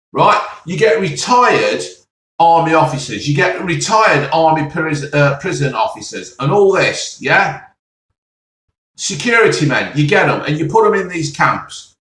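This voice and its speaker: A man's voice: a little high, fairly bright tone. A man ranting bluntly and heatedly in a rambling monologue, swearing mildly. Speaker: vlogger. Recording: echoey, from far off the mic.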